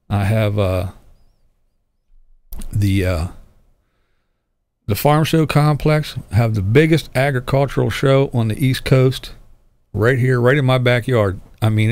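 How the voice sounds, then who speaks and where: An older man hosts his own YouTube channel, chatting casually with viewers and answering their comments bluntly and profanely, with frequent laughter. His voice is mid-range and darkish, recorded without echo.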